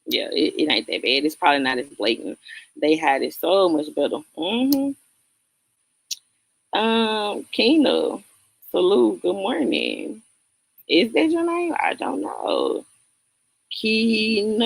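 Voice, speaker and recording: A woman's voice: on the low side, sing-song, measured pace, gravelly, slightly rough. A woman from the Southern United States with a Southern accent, hosting a casual livestream and bluntly answering her chat, laughing often. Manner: blunt, talks straight to chatters, laughs often. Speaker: livestream host reading chat.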